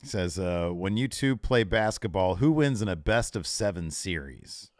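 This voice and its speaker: Man, podcast co-host, casual banter, lively pitch swings, dry close mic, profane and rowdy. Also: normal speed, dry recording. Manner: loud, profane, jokingly berating. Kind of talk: casual live-stream banter.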